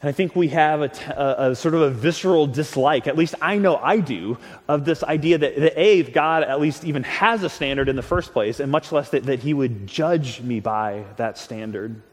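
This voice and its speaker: A man's voice: fairly high pitch, normal speed, few pauses. A man preaching a sermon in an earnest, conversational way, often restarting and repeating words. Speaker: pastor. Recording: long hall reverb.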